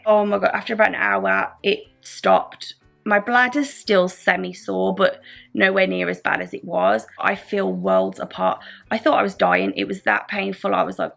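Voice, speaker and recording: A woman's voice: fairly low pitch, gravelly, fairly bright tone. A woman chatting casually to camera from her bed, retelling events and quoting what everyone said. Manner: chatty, recounts events with lots of quoted back-and-forth. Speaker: vlogger. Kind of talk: casual storytime vlog. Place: lying in bed at home.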